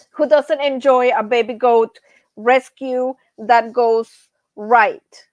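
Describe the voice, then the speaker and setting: A woman's voice: fairly high pitch, fairly even intonation, extremely slow, no echo, lo-fi sound. A middle-aged woman hosting a casual livestream, chatty, laughing often and greeting viewers from the chat. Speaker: livestream host.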